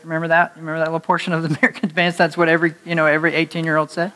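A male pastor preaching a conversational sermon to his congregation, animated and joking, laughing at his own slips of the tongue. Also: on the high side, rapid-fire, few pauses. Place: church sanctuary before a congregation.

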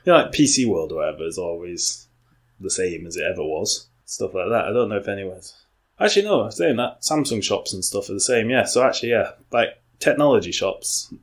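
A young man with a lowish voice talks through a podcast topic in loose, casual chat. He wanders and restarts his sentences, leaning on lots of "like" and "you know" as he thinks aloud. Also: breathy edge. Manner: rambling, full of "like" and restarts. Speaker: podcast co-host.

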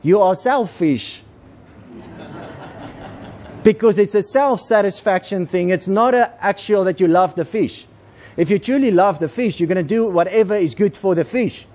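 A man's voice: sits high, moderate pace, pauses often, darkish tone, a little hiss or hum. A man, preaching a conversational sermon to a congregation and repeating words as he goes.

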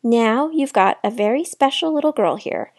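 A woman's voice: a little high, lively intonation, normal speed, darkish tone, no echo, studio quality. A woman reading aloud, voicing a plainspoken older man who gives frank advice. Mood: earnest. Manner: plainspoken, encouraging. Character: kindly blunt older man, a motel guest.

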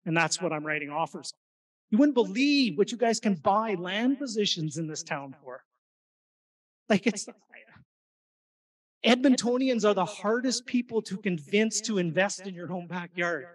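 A man gives an energetic seminar talk to a live crowd, firing questions at the audience. His voice sits high for a man. He sounds some way off the microphone in a meeting room. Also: normal speed, far from the mic, rough recording. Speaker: real estate investing presenter. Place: meeting room at an investor event.

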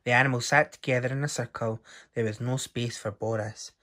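A man reading a children's story aloud, his mid-range voice lively and expressive. He tells the story with care, as for young listeners. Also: mid-range voice, a little fast.

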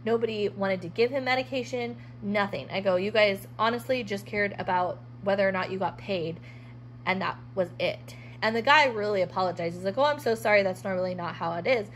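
A woman's voice: mid-range voice, a little fast, low-quality recording. Woman ranting storytime style, keeps doing the back and forth of who said what, faint hum behind. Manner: frustrated, quoting both sides of conversations. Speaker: dog owner telling a story. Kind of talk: casual storytime vlog.

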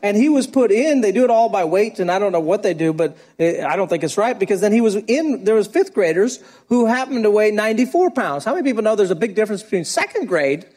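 High-voiced man preaching a lively sermon. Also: fast, hardly any pauses. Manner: lively storytelling with laughter. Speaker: pastor.

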